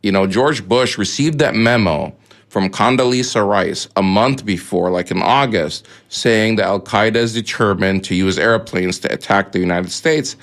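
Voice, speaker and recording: A man with a fairly low voice co-hosts a casual radio talk show. He explains the news in a loose, chatty way, full of fillers and side remarks. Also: normal speed, fairly bright tone.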